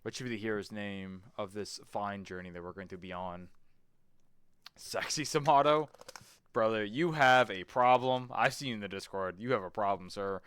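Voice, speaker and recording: A low-voiced man in a loose let's-play commentary, reading game menus out loud and muttering his choices. His voice is bright and forceful up front, smooth and clean, recorded dry and close with no room sound. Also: normal speed, dry recording. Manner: thinks aloud, reads game menus aloud, swears casually. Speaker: streamer playing a game.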